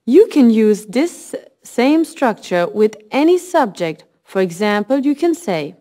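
Slow, lively woman teaching a lesson. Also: a little high. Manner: slow, clear, modelling phrases at half speed. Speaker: language teacher. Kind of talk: scripted lesson narration.

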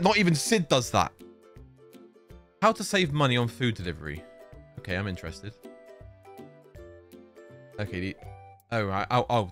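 A young man, talking casually as a reaction host. His voice swings widely in pitch as he exclaims and acts mock-outraged, with faint music playing underneath. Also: fairly bright tone.

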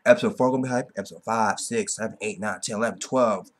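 A man giving a casual, excitable episode review, rambling and swearing, tagging sentences with "okay?". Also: on the low side, fast, noisy background. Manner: swears freely. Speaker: anime reviewer.

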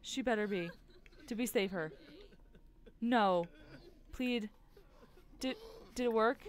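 A woman giving casual commentary while playing a life-simulation game, excitable and quick to gasp and squeal. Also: a little high. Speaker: gaming YouTuber. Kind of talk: casual let's-play commentary.

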